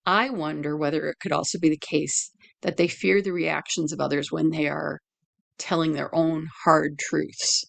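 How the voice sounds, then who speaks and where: A woman teacher giving a lecture analyzing a poem, deliberate, with fillers and self-corrections. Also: fairly low pitch, gravelly.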